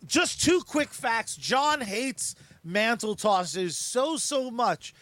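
A man co-hosting a podcast, joking around and reading sponsors with excitable bursts of shouting. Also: extremely high pitch, very slow. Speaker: podcast co-host. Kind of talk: casual chat and sponsor reads.

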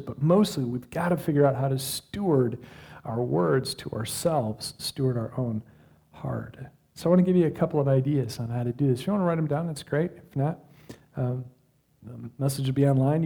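Warm conversational pastor preaching, man. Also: medium pitch. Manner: conversational preaching with dramatic pauses and acted self-talk. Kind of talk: sermon.

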